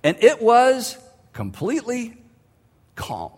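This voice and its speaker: A man preaching a vivid, conversational sermon with dramatic pauses, retelling a story for his congregation. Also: high voice, expressive. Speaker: pastor. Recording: long hall reverb.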